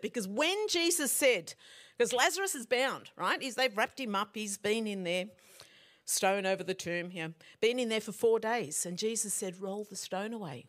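Lively, chatty woman preacher. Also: on the high side. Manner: animated, conversational, asks the audience questions. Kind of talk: sermon.

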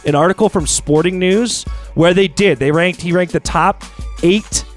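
A man with a noticeably high, light voice hosts a casual sports talk show. He steers the chat in a lively, animated way, with faint music under him. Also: normal speed. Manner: chatty, leads the topics, animated.

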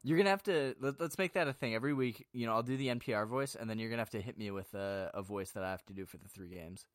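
A man's voice: lowish voice, fast talker, no echo. Jokey young man co-hosting a podcast. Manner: animated, jokey, repeats himself. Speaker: podcast co-host. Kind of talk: casual chat.

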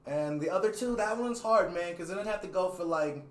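A man's voice: sits high, brisk. A young man, a rapper, chatting loosely in an interview, cursing freely and laughing often. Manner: laid-back, loose and profane, laughs often. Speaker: rapper and videographer, interview guest. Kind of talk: casual interview chat. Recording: roomy echo.

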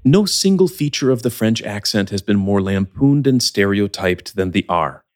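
A man teaching English as the host of a scripted podcast lesson, speaking in a clear, measured, explanatory way. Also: fairly low pitch, expressive.

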